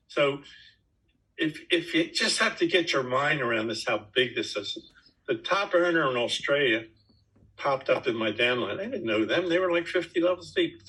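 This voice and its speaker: A man's voice: a little high, bright, forceful tone, poor audio. A man in his nineties tells his own story to his team in an emphatic, folksy way. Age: 90s. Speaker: network marketing top earner speaking to his team. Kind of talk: storytelling answer to a question.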